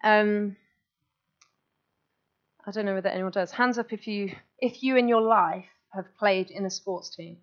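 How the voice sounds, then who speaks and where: In an unhurried, medium-pitched voice with long pauses, a woman gives a chatty, enthusiastic guest talk to a meeting-room audience. She keeps restarting sentences mid-way, captured in a dull, lo-fi live recording.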